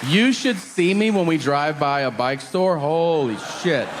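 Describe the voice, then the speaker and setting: A man doing a stand-up set, acting out people in loud, high voices. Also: measured pace, a loud crowd, heavy background noise. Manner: animated, acts out characters in loud high voices. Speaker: stand-up comedian. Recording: long hall reverb, faint ambience.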